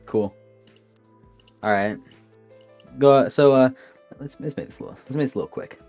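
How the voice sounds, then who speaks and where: A man narrating as game master of a tabletop game, halting and filled with pauses. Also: mid-range voice, darkish tone, dull audio, faint music behind.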